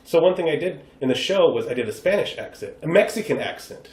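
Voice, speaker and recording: A man's voice: fairly high pitch, fast talker. An American man, a guest improv performer, chatting casually on a podcast and acting out quoted voices as he tells stories. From United States. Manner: animated, acts out quoted voices. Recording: roomy echo.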